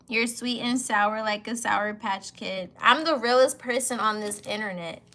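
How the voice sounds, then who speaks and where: A woman's voice: mid-range voice, unhurried, fairly bright tone. A woman in her twenties chatting casually as a vlogger, playful and slangy, laughing often. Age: 20s. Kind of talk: casual chat reacting to comments.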